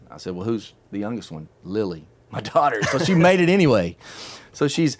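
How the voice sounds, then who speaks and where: A middle-aged man hosting a casual chat, telling a long story in an animated, chatty way and laughing often. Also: on the low side, fairly quick. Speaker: podcast host telling a story.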